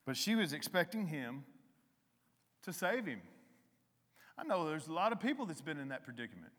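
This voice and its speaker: A man preaching a conversational sermon to a congregation, with emphatic rises and a soft, slow hymn. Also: fairly high pitch, sing-song, in a large hall. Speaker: lay preacher. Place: church hall.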